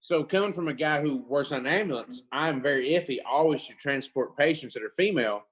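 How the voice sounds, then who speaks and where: A man in his thirties with a slightly high voice co-hosts a casual chat. He is blunt and plain-spoken. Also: a little fast, fairly bright tone, slightly rough. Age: 30s. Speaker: host.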